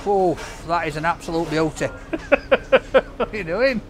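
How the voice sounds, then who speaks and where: A man chats to camera outside a takeaway, cracking jokes at his cameraman. His voice sits high for a man. Faint street noise hums behind him. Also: expressive, unhurried. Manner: jokey, banters with his cameraman. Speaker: takeaway food reviewer. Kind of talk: casual vlog chat to camera.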